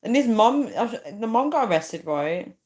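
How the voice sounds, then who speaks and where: Reading viewer comments on her livestream, a young woman chats and rambles casually, giggling often. Her voice is a little high and a little mellow, expressive, and at a normal speed.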